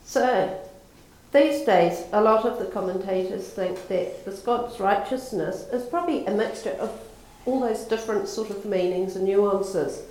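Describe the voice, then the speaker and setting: A woman's voice: medium pitch, measured pace, a little mellow. A woman giving a sermon in a conversational, storytelling manner. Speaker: preacher. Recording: echoey room.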